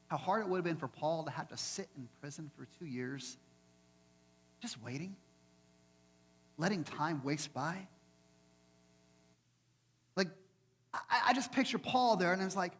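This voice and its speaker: High-voiced preacher guy, really lively, bit husky, big reverby church hall. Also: a little slow, pauses often. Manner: animated, acts out voices of people in the story. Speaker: pastor. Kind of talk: sermon.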